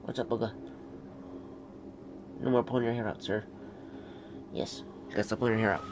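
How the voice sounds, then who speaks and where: With a medium pitch and steady tone, the man speaks at normal speed. He's a console game streamer in relaxed off-camera conversation at home, where he talks baby talk to his cat and swears freely, and the background is noisy.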